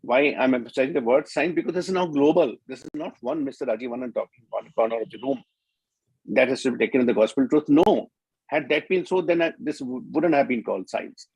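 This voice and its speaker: A man's voice: mid-range voice, quick pace, gravelly, darkish tone, husky, no echo, low-quality recording. A middle-aged man with an Indian English accent, giving an earnest conference talk and repeating words for emphasis. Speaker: speaker at a media conference.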